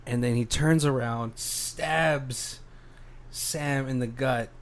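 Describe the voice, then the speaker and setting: A man's voice: medium pitch, steady tone, slow pace, gravelly, a little hiss or hum. A man co-hosting a podcast, casually recapping a horror film and acting out the characters' lines. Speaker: podcast co-host.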